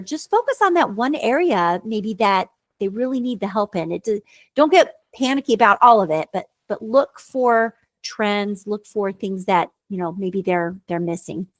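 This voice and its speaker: A woman's voice: on the high side, no echo. A woman tutor co-hosting a casual chat about reading, earnest and explanatory. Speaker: tutor and podcast co-host.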